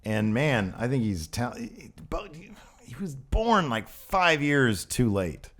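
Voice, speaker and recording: A man's voice: mid-range voice, very animated, slow, fairly bright tone. A man co-hosting a podcast in casual chat, sarcastic and ranting freely. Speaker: podcast co-host.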